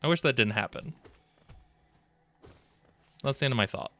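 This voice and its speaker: A man's voice: mid-range voice, lively intonation, normal speed, sharp tone, no echo, faint music behind. Rambling, joking male game streamer. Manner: rambling, joking, swears often. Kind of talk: casual live gameplay commentary. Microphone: desk microphone.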